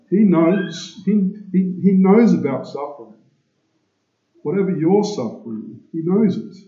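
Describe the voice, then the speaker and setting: A man preaching a sermon to his congregation, slow and emphatic, asking rhetorical questions. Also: on the high side, warm tone. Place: church. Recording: echoey, dull church recording.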